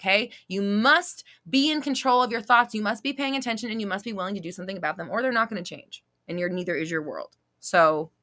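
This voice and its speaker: A woman's voice: mid-range voice, quick pace, few pauses, pushed and bright. A woman hosting a live-stream Q&A as a manifestation coach, blunt and emphatic, repeating her points and swearing casually. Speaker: manifestation coach answering viewer questions.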